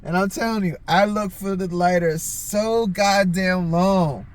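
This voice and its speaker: Profane, rambling man telling stories. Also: a little slow. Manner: rambling and heavily profane, lots of filler "like"; acts out his own quotes with jumps in pitch. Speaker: podcast host. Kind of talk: casual storytelling.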